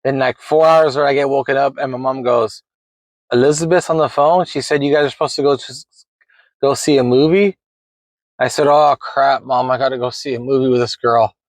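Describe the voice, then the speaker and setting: A man in his forties casually telling a rambling personal story, animated and laughing as he goes. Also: medium pitch, a little fast, dry recording, rough recording.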